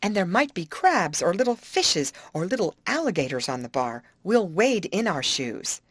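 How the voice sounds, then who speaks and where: A woman's voice: fairly low pitch, big pitch swings, moderate pace, slightly rough, no room sound. A woman reading a novel aloud, voicing a bold teenage girl with an incisive, snappish way of talking. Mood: urgent.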